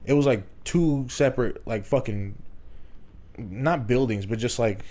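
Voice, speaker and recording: A man's voice: mid-range voice, unhurried. A young man casually telling a story to friends on a podcast, swearing and laughing often. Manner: swearing, laughing, animated retelling. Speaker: podcast host.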